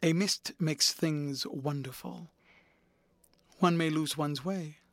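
A man voicing a cynical, witty gentleman lord in an audiobook reading, with an amused, epigrammatic manner. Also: a little high, takes it slowly, no echo.

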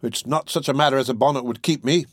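A man's voice: mid-range voice, fast, no room sound, studio quality, lightly acted. Nancy, a man doing a tense young woman. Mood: curt. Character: pale, troubled young woman.

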